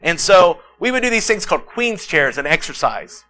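Bright, high-voiced preaching man. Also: moderate pace, poor audio. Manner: animated storytelling, acts out quotes. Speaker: pastor. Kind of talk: sermon with personal stories.

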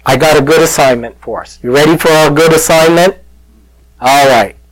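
This preacher's voice is on the high side at a normal speed, heard through a dry, rough recording. As pastor, he tells the story to his congregation conversationally and with animation, calling out to the people listening.

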